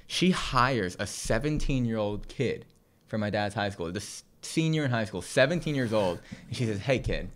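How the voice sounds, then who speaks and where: A man's voice: fairly low pitch, lively intonation, moderate pace. Young male podcast co-host, storyteller who laughs and acts out his characters, from Southern California. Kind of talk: casual storytelling.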